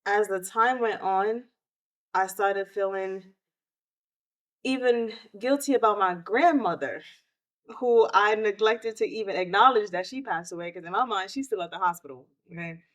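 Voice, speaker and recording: A woman, hosting a podcast and telling a personal story of grief in an emotional, animated way. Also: medium pitch, moderate pace. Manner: emotional, animated retelling with quoted outbursts. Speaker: podcast host.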